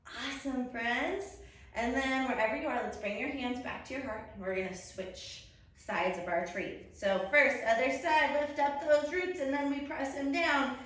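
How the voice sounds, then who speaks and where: Young woman teaching kids yoga, high lively voice, super echoey room. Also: normal speed. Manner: upbeat, encouraging, sing-song with sound effects. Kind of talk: children's yoga story time. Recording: echoey room, distant mic.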